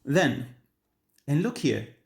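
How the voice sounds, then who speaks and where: Italian man, tenor and voice teacher, brightish voice, earnest and emphatic, restarts often. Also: a little high, very animated, slow, vocal fry. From Italy. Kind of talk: instructional talk on singing.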